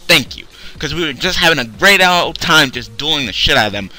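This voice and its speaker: A young man hosting a card game video, ranting angrily and sarcastically, swearing a lot, and swinging between loud outbursts and tired mumbling. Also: fairly high pitch, expressive, fairly quick. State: tired, low on energy. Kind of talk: profane rant to camera.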